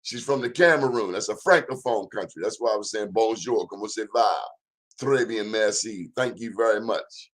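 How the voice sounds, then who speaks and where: A man's voice: fairly low pitch, normal speed. Male talk-show host; blunt, sermon-style delivery. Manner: emphatic, sermon-like, plainspoken and blunt. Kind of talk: preachy talk-show monologue.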